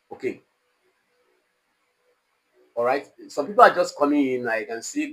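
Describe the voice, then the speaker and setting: A man lecturing an online exam-prep class, slow and deliberate, repeating example phrases with exaggerated rises and falls in pitch. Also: sing-song, poor audio. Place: online class studio with a technician.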